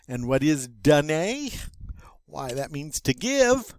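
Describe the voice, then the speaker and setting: A man teaching French vocabulary as a lesson, slow and playful with little jokes along the way. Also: on the high side, sing-song, no echo. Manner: slow, playful, jokey asides.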